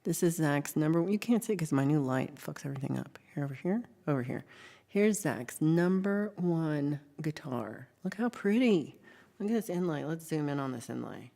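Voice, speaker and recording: Low-voiced chatty woman livestreamer. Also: expressive, fast, gravelly, warm tone. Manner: chatty, reads viewer messages aloud, frequent ums. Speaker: livestream host. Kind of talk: casual livestream chat.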